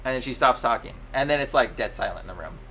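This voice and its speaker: Bright-voiced young man telling a story. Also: mid-range voice, quick pace, slight background noise. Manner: animated, many "like" fillers, acts out his own quotes. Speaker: podcast co-host. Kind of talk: casual storytelling chat.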